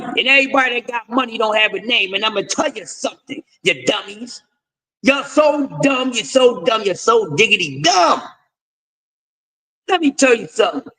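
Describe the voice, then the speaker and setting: Male stream host, very high-pitched, profane lecturing rant. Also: pushed and bright, poor audio. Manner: profane, confrontational, lecturing with repeated refrains. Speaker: host of a boxing talk stream. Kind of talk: ranting commentary.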